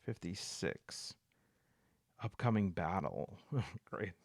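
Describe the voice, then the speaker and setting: A man's voice: low-pitched, big pitch swings, slow, vocal fry, slight background noise. A man narrating a solo tabletop game, thinking aloud as he reads out dice results. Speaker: solo game player and host.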